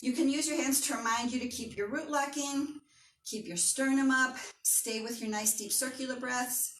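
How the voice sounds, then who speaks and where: High-voiced woman leading a yoga class. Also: fairly even intonation, moderate pace, slight background noise. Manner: encouraging, instructive, says "right?" often. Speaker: yoga teacher. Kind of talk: guided movement class. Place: yoga studio room. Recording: echoey studio from a distance.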